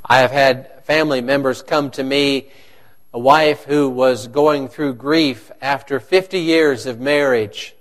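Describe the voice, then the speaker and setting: Man preaching a slow, questioning sermon. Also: mid-range voice, fairly even intonation. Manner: conversational, asks the congregation questions. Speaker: pastor.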